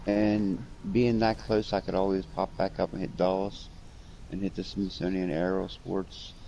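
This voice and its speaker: A man's voice: low voice, flat delivery, measured pace, gravelly, lo-fi sound, a little hiss or hum. A man in casual chat, blunt and profane, who acts out the arguments he tells about. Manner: blunt and profane, acts out quoted confrontations loudly. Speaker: friend chatting.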